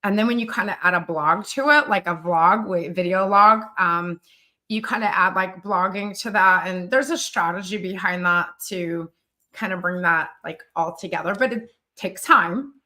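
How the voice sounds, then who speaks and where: A woman from the American South hosting a casual live-stream chat as a business coach, talking in an animated way with many fillers. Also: on the low side, normal speed. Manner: chatty, animated, frequent fillers and laughs. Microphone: studio live-stream mic.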